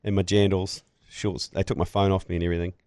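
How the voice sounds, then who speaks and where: A man's voice: low-pitched, flat delivery, fast, darkish tone, dry recording. Laughing, swearing New man. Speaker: podcast co-host. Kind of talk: casual chat, storytelling.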